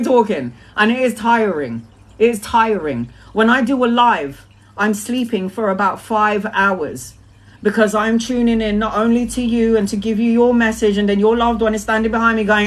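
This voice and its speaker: A woman in her forties, a tarot reader talking in a casual live-stream monologue, emphatic and repetitive, swearing freely as she talks. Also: medium pitch. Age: 40s.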